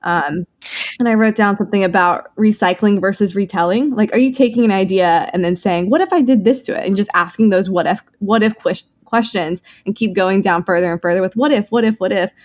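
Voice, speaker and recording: A woman's voice: medium pitch, brisk, no echo, clean studio sound. A woman hosting a podcast in a chatty, casual way, acting out quoted reactions as she talks. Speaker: podcast host.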